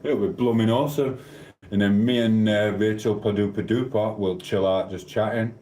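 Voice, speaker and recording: A man's voice: lowish voice, fairly even intonation, moderate pace, warm tone. A man with a South Yorkshire accent, chatting casually on a live stream, rambling and cheekily bantering with viewers' comments. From South Yorkshire, England. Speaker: livestreamer. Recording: echoey room.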